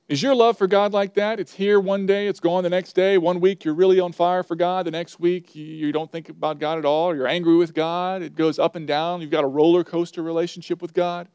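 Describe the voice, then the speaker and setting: Male pastor, sermon delivery, smooth and fairly high, numbered points, scripture read with emphasis, brisk rhythmic lists. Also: level tone, darkish tone, no echo. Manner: preaches in numbered points, reading scripture aloud with rising emphasis; lists items in quick rhythmic runs.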